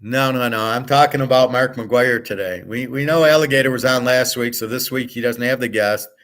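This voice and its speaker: A man's voice: medium pitch, brisk, a bit bright. A man hosting his own show, ranting in a fed-up, profane monologue and reading out his own comments. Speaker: sports betting and gold commentary host.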